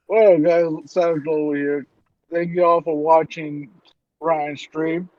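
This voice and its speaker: Male guest, slow drawl, slightly high voice, muffled remote audio, dry. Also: little pitch movement, no echo. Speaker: podcast guest. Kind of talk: casual outro chat.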